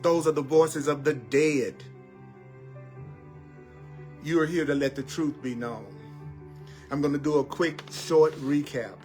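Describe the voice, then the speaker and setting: A man giving a spiritual teaching talk as a teacher, slowly and deliberately repeating affirmations. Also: on the high side, darkish tone, soft background music. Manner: slow, deliberate repetition of affirmations.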